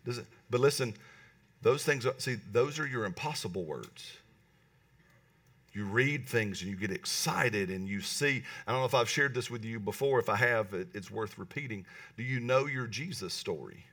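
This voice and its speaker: A man preaching a lively sermon in church, often asking the congregation "right?" and pausing for answers. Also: medium pitch, recorded from a distance. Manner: animated, talks to the congregation with calls like "right?". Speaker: pastor. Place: church hall.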